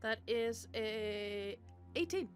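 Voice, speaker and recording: A woman's voice: fairly high pitch, expressive, drawn-out words, faint music behind. A woman running a tabletop game as game master, talking in an easygoing, chuckling way.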